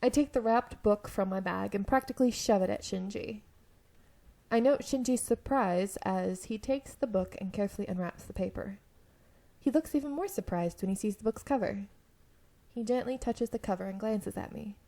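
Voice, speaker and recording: A young woman narrates a dating game for her viewers, her voice mellow and a little hoarse. She keeps breaking off to laugh and react, in an even middle pitch. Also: normal speed. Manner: giggly, breaks off to laugh and comment. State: slightly hoarse throat. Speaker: let's-play video creator. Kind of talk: reading an otome game aloud.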